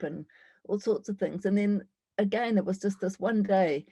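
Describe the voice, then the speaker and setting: A woman's voice: mid-range voice, fairly quick, warm tone, husky, no room sound. A woman in her sixties telling her life story as a speaker at an online summit, candid and reflective, with frequent ums and restarts. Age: 60s. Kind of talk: personal life story talk.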